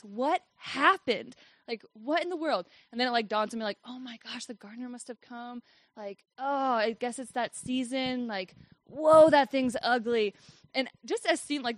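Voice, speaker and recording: A woman's voice: fairly high pitch, no echo. Chatty young woman telling a faith story. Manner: chatty, fills speech with "like", laughs often. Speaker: speaker sharing a faith testimony. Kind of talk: personal storytelling testimony.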